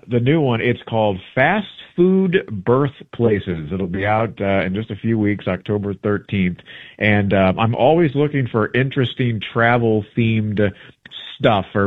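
A man, a travel book author, chatting in a radio interview and telling rambling stories, often correcting himself mid-sentence. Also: fairly low pitch. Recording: tinny phone-line audio.

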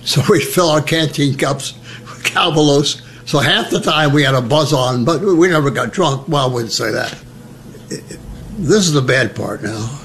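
An older man from New Jersey, telling his wartime memories as a lively storyteller who acts out the voices. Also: on the high side, moderate pace. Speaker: veteran recounting memories. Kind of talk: oral history storytelling.

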